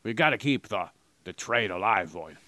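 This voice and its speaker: A man's voice: lowish voice, animated, normal speed, pushed and bright, no room sound. A man co-hosting a crude comedy podcast, rambling and joking, sometimes slipping into a mock advertiser voice. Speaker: podcast co-host.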